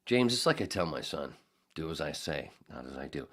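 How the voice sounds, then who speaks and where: A very low-pitched man hosts a loose podcast, swinging his voice up and down with lively inflection. He rambles through viewer comments with crude, profane jokes and a joking, offhand delivery. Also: fairly quick, husky. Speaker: podcast host. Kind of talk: casual podcast chat, reading out live chat comments.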